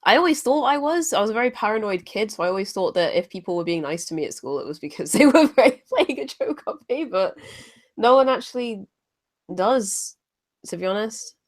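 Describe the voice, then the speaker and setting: A woman's voice: mid-range voice, expressive, brisk. A woman chatting as a guest on a casual stream, modest and self-deprecating with a giggle.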